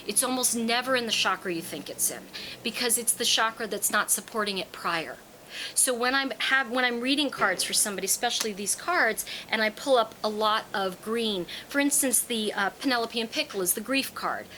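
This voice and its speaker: Bright-voiced woman teaching with animated stories. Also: a little high, brisk, slight background noise, low-quality recording. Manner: animated storyteller, acts out quoted voices. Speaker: tarot card reader and teacher. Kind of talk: casual spoken talk to an audience.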